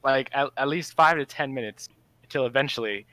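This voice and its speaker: A man's voice: medium pitch, brisk, sharp tone, no echo, poor audio. A young man from the American South telling a rambling story in a gaming voice chat, with lots of fillers and laughs, on a headset mic. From Southern United States. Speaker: team player.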